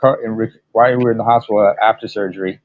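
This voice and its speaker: A man's voice: fairly low pitch, steady tone, very fast. Joking man on a dull lo-fi line. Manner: joking, rambling with restarts. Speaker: podcast panelist. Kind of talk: casual chat. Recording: dull lo-fi online audio.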